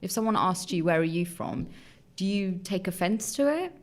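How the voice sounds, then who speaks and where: A woman's voice: on the low side, expressive, normal speed. A woman from Iran hosting a podcast, chatting casually and putting questions to her guests. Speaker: podcast host. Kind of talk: casual chat.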